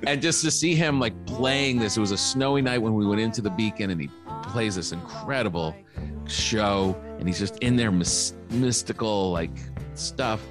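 A man's voice: lowish voice, moderate pace, music in the background. A man, a comedian guest, telling loose stories in casual podcast chat, laughing often and saying "like" a lot.

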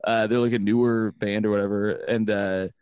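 A man's voice: on the low side, level tone, brisk, darkish tone, smooth, no room sound. A young male comedian telling stories in a loose, profane way, laughing often and acting out quotes. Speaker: comedian, podcast guest. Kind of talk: casual storytelling chat.

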